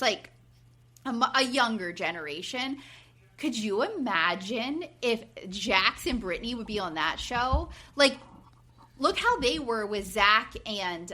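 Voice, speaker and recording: Woman in her forties, podcast co-host; animated, bright, lots of "like", mimics people mid-story. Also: medium pitch. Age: 40s. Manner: animated retelling, acting out quotes, frequent fillers. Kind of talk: casual reality TV recap chat.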